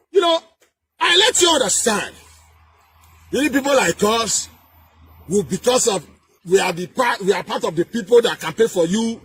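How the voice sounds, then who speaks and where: A man with a Nigerian accent delivering a heated political rant, emphatic and repetitive, with sing-song rises and shouted bursts. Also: very high-pitched, animated, normal speed, slight background noise. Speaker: political commentator.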